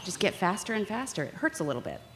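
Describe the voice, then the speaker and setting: Playful woman host from Vermont, very lively pitch, hall reverb with faint noise. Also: fast talker. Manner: lively, playful, leads audience. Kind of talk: live stage show hosting.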